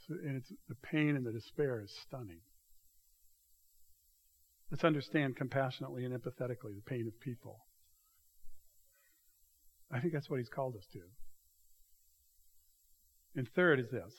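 A man preaching a sermon in a church, swinging between loud, raised passages and hushed, quiet asides. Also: mid-range voice, moderate pace, long pauses, breathy edge. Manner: dramatic shifts between loud acted quotes and hushed asides. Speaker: pastor.

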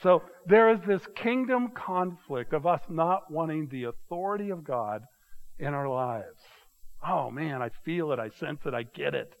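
A man's voice: a little high, lively intonation, a little slow, poor audio. An older man, a pastor, preaching a conversational sermon and asking his listeners questions.

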